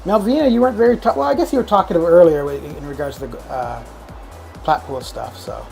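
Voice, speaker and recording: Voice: medium pitch, fast, vocal fry, a little mellow, rough recording. Rambling casual game streamer. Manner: rambling, with frequent restarts and fillers. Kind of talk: casual live-stream chat. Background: faint background music.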